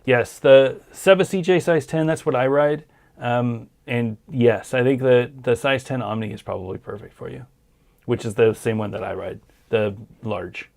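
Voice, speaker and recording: A man's voice: mid-range voice, fairly even intonation, normal speed, gravelly, a little mellow. A man hosting a casual livestream, answering viewer questions in an easygoing, hesitant way, tired and losing his voice. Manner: easygoing, hesitant with many ums.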